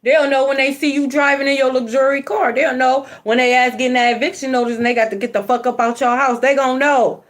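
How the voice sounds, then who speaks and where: A woman's voice: high-pitched, steady tone, fast, hardly any pauses. A woman giving a spiritual card reading, blunt and profane, preaching and repeating phrases for emphasis. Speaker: tarot card reader.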